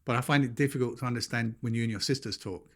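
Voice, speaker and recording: A man's voice: medium pitch, racing, a bit bright. A man with a London accent, co-hosting a podcast and telling stories in casual chat, acting out the people he quotes. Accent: London English. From England. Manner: dry, storytelling, mimics others in quoted voices. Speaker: podcast co-host.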